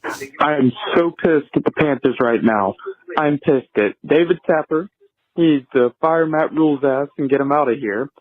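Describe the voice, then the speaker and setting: Man, angry caller, list of complaints, fairly high voice, phone-line sound. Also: moderate pace. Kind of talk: phoned-in rant.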